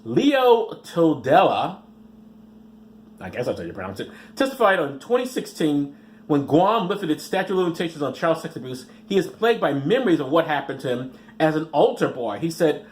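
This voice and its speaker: A sarcastic male podcast host reading the news aloud and riffing on it. His voice sits slightly high and moves a lot in pitch, and he often stumbles over words. A faint hiss runs under the recording. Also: sing-song, moderate pace.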